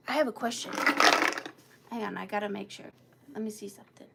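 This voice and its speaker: A woman's voice: fairly high pitch, moderate pace, vocal fry, a little hiss or hum. A woman hosting a live vintage sale, chatting casually, greeting viewers by name and laughing often, a bit out of breath. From Georgia, US. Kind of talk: casual live-stream selling.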